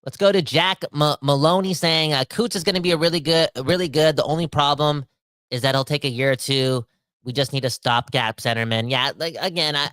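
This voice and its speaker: A young man hosting a casual podcast, rambling and animated, swinging between fired-up outbursts and quieter asides. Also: on the high side, clean tone, no echo. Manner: rambling with frequent restarts and self-corrections. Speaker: podcast host. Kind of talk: casual ranting podcast talk.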